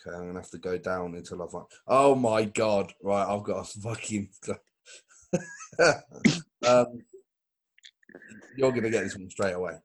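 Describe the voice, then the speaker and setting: Swearing podcast host, husky. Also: male voice, on the low side, moderate pace, pauses often. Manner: swearing, joking. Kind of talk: casual banter.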